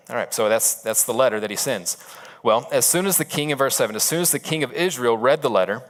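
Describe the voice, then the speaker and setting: A man's voice: medium pitch, animated, fast talker, fairly bright tone. A man preaching a sermon as a pastor, retelling a story in a casual, conversational way with asides.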